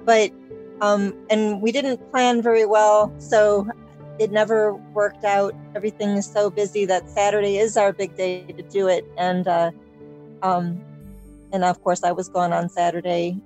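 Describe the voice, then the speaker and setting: A woman's voice: mid-range voice, level tone, moderate pace, darkish tone, rough recording. Woman sharing a story on a podcast, hesitant, lots of ums, mid voice, faint music under. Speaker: podcast guest. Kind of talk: casual chat.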